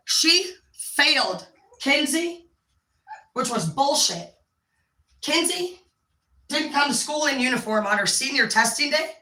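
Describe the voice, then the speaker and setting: A woman hosting a livestream, ranting to her viewers, swearing constantly and rambling, sometimes dropping to a low quiet tone. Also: reverberant, poor audio. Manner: profane, heated, swearing constantly. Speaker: livestream host talking to viewers. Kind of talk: unscripted livestream rant.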